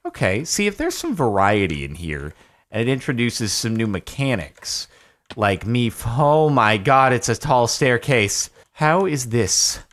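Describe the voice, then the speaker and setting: A young man commentating his own gameplay, excitable, talking to himself and to the game, his voice jumping up when he gets frustrated. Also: mid-range voice, measured pace. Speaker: gaming YouTuber. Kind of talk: live Minecraft gameplay commentary.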